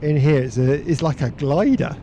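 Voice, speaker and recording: A man chatting casually on a flight sim live stream, talkative and quick to laugh. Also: a little high, animated, warm tone, muffled recording, slight background noise. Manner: chatty, laughs easily, uses slangy exclamations.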